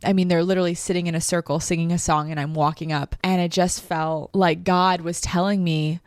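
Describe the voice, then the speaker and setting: A woman's voice: fairly low pitch, flat delivery, a little fast, few pauses, a little mellow, no room sound, studio quality. A woman hosting a podcast, telling a personal story in an emotional, reflective way with lots of "like". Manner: emotional, reflective, heavy use of "like". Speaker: podcast host.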